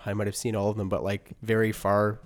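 A man co-hosting a casual podcast chat, laid-back, often chuckling and trailing off into quiet asides. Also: on the low side, monotone, a little fast. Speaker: podcast co-host.

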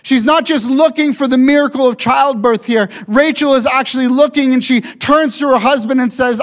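A male pastor delivers an emphatic sermon in a voice pitched far above most men's. He leans on his key phrases, slowing right down and saying them again so they land.

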